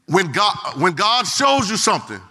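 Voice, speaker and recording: Man, preacher, church service, high bright voice, call-and-response and shouts. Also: huge pitch swings, normal speed, faint music behind. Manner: call-and-response with the congregation, swings from quiet to shouting. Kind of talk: sermon.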